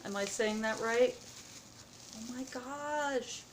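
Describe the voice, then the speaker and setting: A woman vlogging at home as she opens happy mail, excited, gasping and halting with many fillers. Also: a little high, noisy background. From United States. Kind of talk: casual vlog chat. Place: home, indoors.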